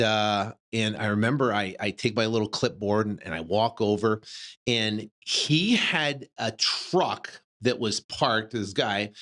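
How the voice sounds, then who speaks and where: A man in his fifties with a middle-pitched voice tells a personal story casually. He keeps it animated, stumbling through fillers and restarts and acting out his own reactions. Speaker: real estate investor and podcast host.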